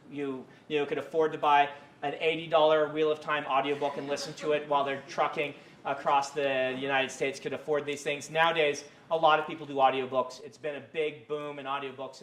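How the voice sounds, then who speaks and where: A man's voice: a little high, fairly bright tone. Rambling man giving a casual lecture. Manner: rambling, many fillers and self-corrections. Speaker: university creative writing lecturer. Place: university lecture room.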